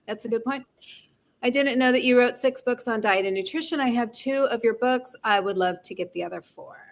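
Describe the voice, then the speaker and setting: Woman chatting casually on a call. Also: on the high side. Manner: affirming, quick interjections. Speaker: guest on a call. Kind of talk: casual chat.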